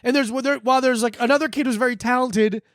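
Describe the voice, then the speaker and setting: High-voiced man teasing in chat. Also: steady tone, rapid-fire, a bit bright, no echo, clean studio sound. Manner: teasing, joking. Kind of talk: casual chat.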